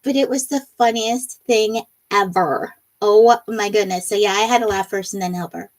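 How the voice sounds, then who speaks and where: A woman's voice: medium pitch, moderate pace. A woman hosting a casual live stream, reading viewer comments aloud and laughing often, her nose a little runny. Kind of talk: casual live chat while crafting.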